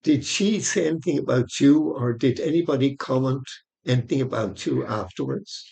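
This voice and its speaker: A man hosts a faith podcast, gently prompting his guest with questions and ending the show with a blessing. His voice has a gravelly edge at a middle pitch. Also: normal speed. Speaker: podcast host. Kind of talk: interview and sign-off.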